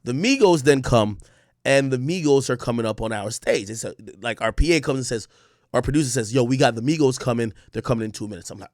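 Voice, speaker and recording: A man streaming, telling a story in an excitable, profane way, shouting as he reenacts moments. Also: medium pitch, quick pace, dry recording, studio quality.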